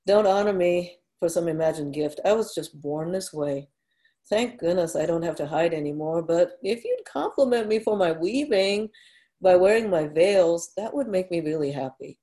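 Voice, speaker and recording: A woman reading a story aloud, voicing a gentle, soft-spoken male weaver in a calm, lightly amused way. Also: on the low side, moderate pace, natural voice.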